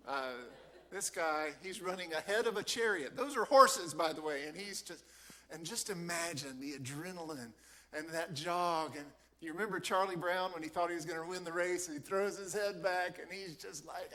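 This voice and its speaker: A pastor preaches a sermon in church, telling a Bible story in a lively way and acting out the characters. His voice is on the high side and his pace moderate.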